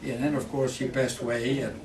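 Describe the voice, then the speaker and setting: A man, a former pilot giving a speech. He talks in halting phrases full of fillers and restarts. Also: medium pitch, level tone, darkish tone, slight background noise. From Greece. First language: Greek. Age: 90s. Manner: halting, with many fillers and restarts, earnest and patriotic. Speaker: guest speaker, retired fighter pilot. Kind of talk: speech to an audience. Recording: echoey room picked up from far off.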